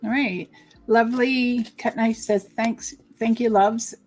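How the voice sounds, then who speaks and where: Chatty higher-voiced woman reading comments. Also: fairly even intonation, slow, darkish tone, faint music behind. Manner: chatty, reads viewer comments aloud, laughs easily. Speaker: co-host psychic reader. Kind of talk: live-stream card reading, reading out comments.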